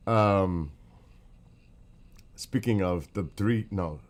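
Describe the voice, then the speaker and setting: Chatty deep-voiced New York man. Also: slow, pauses often, darkish tone. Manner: chatty, rambling, greets viewers by name. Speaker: livestream host. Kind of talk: casual morning livestream chat.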